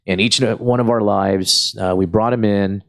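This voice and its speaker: A comedian from spins long stories, cursing freely and slipping into quick impressions of the people in them. His voice sits a little low, and he keeps an easy, rambling pace. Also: gravelly. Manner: profane, rambling, animated retelling. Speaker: guest comedian. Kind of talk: casual storytelling.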